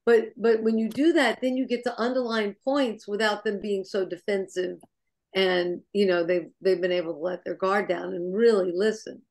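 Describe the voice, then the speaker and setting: A woman sharing business advice on a group call, bubbly and energetic, laughing between points. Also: medium pitch, moderate pace. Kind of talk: enthusiastic motivational chat.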